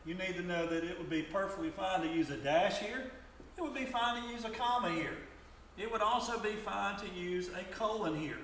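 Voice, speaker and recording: A male teacher giving a grammar lesson to students, talking in a halting way and often repeating words as he explains. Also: high-pitched, a bit bright. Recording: echoey room from far off, faint noise.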